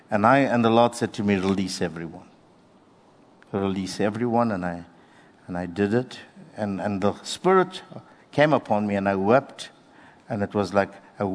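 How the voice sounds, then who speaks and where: Low-voiced preacher in a reverberant hall. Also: male voice. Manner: earnest, unhurried teaching with slow emphatic phrases. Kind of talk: sermon.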